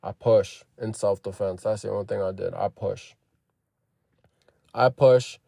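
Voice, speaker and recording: Male vlogger, gravelly dark voice, loose swearing storytime delivery. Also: lowish voice, unhurried, no room sound, studio quality. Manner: profane, animated retelling that acts out quoted lines. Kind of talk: casual storytime.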